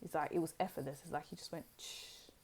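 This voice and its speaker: A woman with a slightly low voice gives a casual tarot reading straight to her viewers. She talks in a chatty, rambling way, full of fillers and side remarks. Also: fairly even intonation, very fast, darkish tone, husky. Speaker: tarot card reader.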